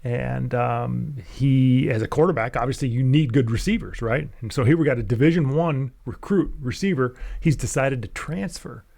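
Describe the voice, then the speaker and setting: A man who works as a mental skills coach, telling a story in a casual, animated way and chuckling often between phrases. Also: medium pitch, normal speed, creaky, hardly any pauses.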